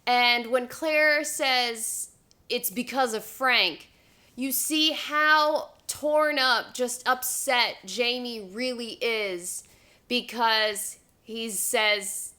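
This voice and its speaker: Hosting a vlog, a woman speaks extremely slowly in a fairly high, sharp-toned voice. She chats casually, comparing a book with its show and retelling the plot with easygoing hedges and filler words.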